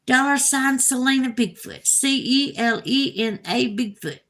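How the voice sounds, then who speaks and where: A woman's voice: sits high, a little slow, fairly bright tone. A middle-aged woman with a Southern US accent, hosting a casual livestream and chatting in a folksy way with her viewers. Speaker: livestream host.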